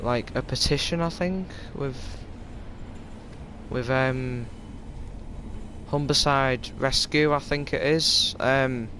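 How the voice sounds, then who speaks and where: A man with a Yorkshire accent talks through a live game stream at an unhurried pace. He tells stories in a stop-start way, full of restarts. A faint hum sits behind his mid-range voice. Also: medium pitch, sharp tone, low-quality recording. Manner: rambling, stop-start storytelling. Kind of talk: casual live-stream chat.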